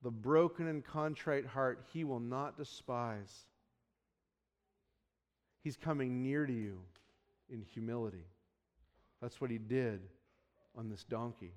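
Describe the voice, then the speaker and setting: A man in his thirties preaching a sermon to his congregation, moving between soft, pleading passages and loud exclamations, and acting out quotes with put-on voices. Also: medium pitch, takes it slowly, long pauses, big-room sound. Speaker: pastor.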